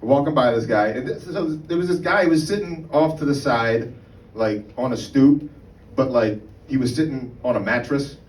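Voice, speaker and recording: A man's voice: medium pitch, moderate pace, darkish tone. A man doing a stand-up comedy set on a club stage, talking in a conversational, profane way and often checking in with "right?". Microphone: mic on a stand. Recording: roomy live room, mic far off, background noise.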